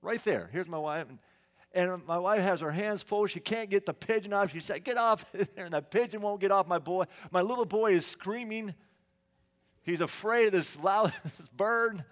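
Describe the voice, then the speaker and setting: This sermon comes from a middle-aged pastor with a high-pitched voice and a moderate pace. Inside the church sanctuary, he shares stories casually and asks the congregation questions.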